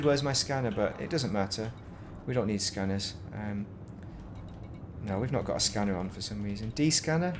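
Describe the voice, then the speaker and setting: A man's voice: mid-range voice, noisy background. A man casually commentating while he plays a space game, rambling and breaking off mid-sentence. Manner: rambling, self-interrupting, chatty. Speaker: game streamer.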